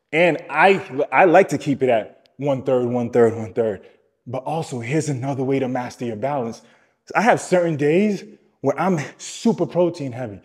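A man talking as a wellness coach on a podcast, emphatic, repeating his key points and speaking straight to the listener. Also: medium pitch. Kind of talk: podcast teaching talk.

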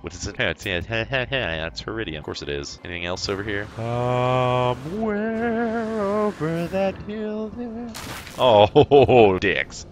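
A man's voice: sits low, sharp tone, a little hiss or hum. A man from the United States giving rambling, crude, self-mocking let's play commentary, laughing often. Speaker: gaming YouTuber.

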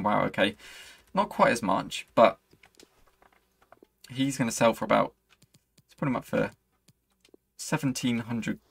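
This gaming channel host is a young man whose medium-pitched voice is creaky with a breathy edge. Recorded with no echo, he gives live commentary on a football video game match he is playing, veering from excitement to frustration.

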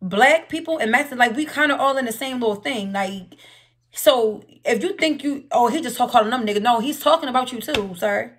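A woman hosting a live stream, talking in a loud, profane, rapid-fire way in a heated casual chat. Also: on the high side.

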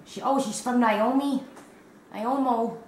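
Canadian woman, 50s, crochet vlogger; excitable, gushing delivery, unhurried, echoey room. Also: a little high, a little hiss or hum. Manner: gushing and excitable, breathless giggles. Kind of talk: casual vlog unboxing.

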